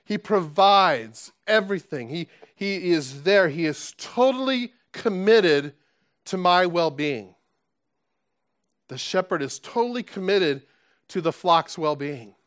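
A man delivers a sermon with earnest emphasis. His voice sits a little high for a man. He restarts phrases often and keeps asking his listeners rhetorical questions. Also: animated, takes it slowly, a bit bright, dry recording, studio quality. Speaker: pastor.

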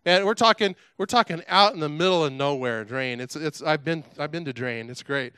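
A middle-aged man preaching a sermon, telling a story with animated energy and chatty asides to the congregation. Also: a little high, a little fast, smooth, no room sound. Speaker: pastor.

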